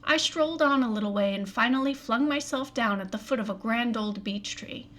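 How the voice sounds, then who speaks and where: Woman calmly reading a mystery novel. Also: fairly high pitch, brisk, a little hiss or hum. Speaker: audiobook reader.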